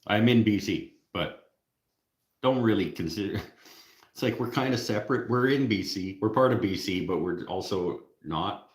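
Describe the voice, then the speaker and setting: A man's voice: lowish voice, normal speed, reverberant. A Canadian man with a Canadian accent, hosting a casual live stream, joking with viewers and laughing at his own jokes. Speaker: livestream host.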